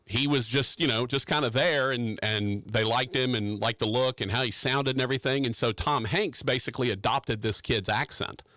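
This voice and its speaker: A man's voice: medium pitch, normal speed, few pauses, bright, forceful tone, dry recording. Man, radio talk show host, studio mic, dry close sound, casual opinionated chat, rambling jokey delivery. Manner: rambling, joking, opinionated, with frequent restarts.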